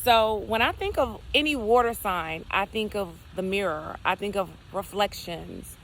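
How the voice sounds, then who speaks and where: A woman's voice: medium pitch, measured pace, a bit bright, a little hiss or hum. A woman giving a casual spiritual talk outdoors, repeating affirmations and asking herself rhetorical what-if questions. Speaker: spiritual content creator. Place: outdoors, near geese and trees.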